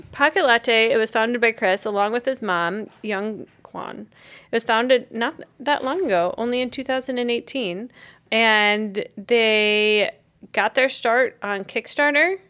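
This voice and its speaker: A woman co-hosts a podcast, casually rambling through a story she researched, with plenty of filler words. Her voice sits on the high side, fairly bright in tone, and she speaks slowly.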